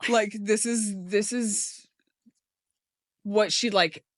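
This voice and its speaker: A young woman hosting a podcast in casual chat, talking fast and loose with lots of "like". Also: medium pitch, steady tone, dry recording, studio quality. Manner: chatty, fills talk with "like". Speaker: podcast host.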